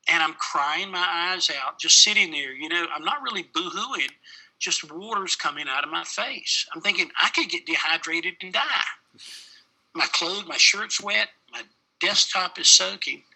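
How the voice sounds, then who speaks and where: Man, middle-aged, gravelly, bright edge, plain-spoken paramedic storytelling. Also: a little high, normal speed, poor audio. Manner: plain-spoken, many fillers like "you know". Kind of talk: personal storytelling in an interview.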